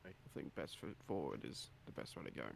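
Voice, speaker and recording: A man's voice: extremely low pitch, very animated, fairly quick, gravelly, a little hiss or hum. A man playing a tabletop game, chatting casually and hesitantly. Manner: hesitant, stammering. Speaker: player.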